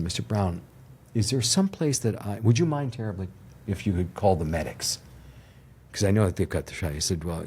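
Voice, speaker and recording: An older man with a fairly low voice, a guest in an interview. He tells his story with energy and acts out the other people's lines. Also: darkish tone, breathy edge. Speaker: TV producer, podcast guest.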